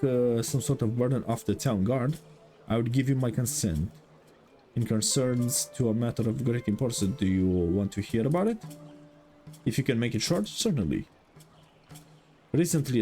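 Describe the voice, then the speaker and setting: A man's voice: mid-range voice, warm tone, natural voice. A man voicing a fussy older male town mayor, reading game dialogue aloud in a dismissive, hesitant way full of uhs.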